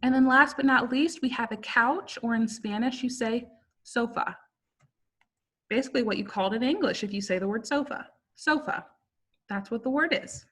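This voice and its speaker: A young woman teaching a simple online language lesson to children, speaking patiently and repeating each word slowly. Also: on the high side, fairly bright tone, husky. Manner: patient, slow repetition of words. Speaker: Spanish teacher.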